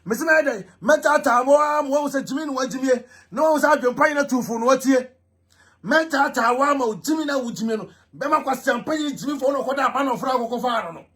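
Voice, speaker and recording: A man ranting loudly as a vlog host, repeating himself and mocking. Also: very high-pitched, moderate pace. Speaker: vlogger host. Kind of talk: animated ranting commentary.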